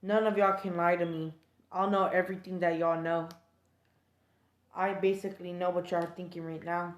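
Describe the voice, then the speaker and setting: Woman doing a cocky boy assassin, low and quiet. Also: level tone, moderate pace, echoey room, natural voice. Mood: taunting. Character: cocky all-knowing boy assassin, male.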